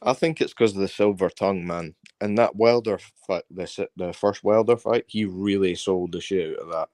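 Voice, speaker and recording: Man guest, lowish voice, laid-back short asides, dry mic. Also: normal speed, darkish tone, dry recording. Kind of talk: casual boxing talk.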